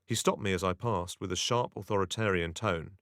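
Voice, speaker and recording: Deep-voiced man, wry audiobook narration. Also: fairly bright tone, dry recording. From England. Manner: wry, measured storytelling with dry self-mockery. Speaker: narrator of his own essay. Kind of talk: first-person audiobook narration.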